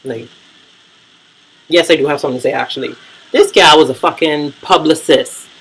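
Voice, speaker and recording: A man's voice: fairly high pitch, moderate pace, fairly bright tone, husky, rough recording. A man vlogging casual reality-TV commentary, blunt, profane and gossipy.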